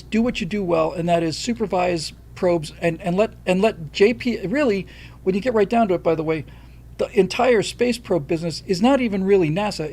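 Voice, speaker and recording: High-voiced and darkish in tone, an older U.S. man runs a livestream full of casual opinions. He speaks bluntly and with emphasis, reading out donations from viewers and thanking them.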